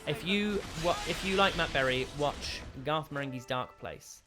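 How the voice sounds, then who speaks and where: A man's voice: a little high, moderate pace. A man, chatting casually while streaming a video game and thanking viewers in chat. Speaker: streamer and voice actor. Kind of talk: casual live-stream gameplay commentary.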